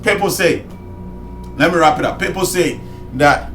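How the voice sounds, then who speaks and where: A man preaching an impassioned sermon, going from shouted peaks to low, quiet asides. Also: moderate pace, long pauses. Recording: roomy sound with faint music behind.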